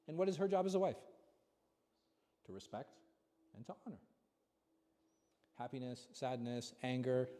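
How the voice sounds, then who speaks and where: A man's voice: medium pitch, warm tone. A man as an imam giving a conversational religious lesson, throwing rhetorical questions at his audience. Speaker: imam teaching a class. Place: large mosque hall. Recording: long hall reverb.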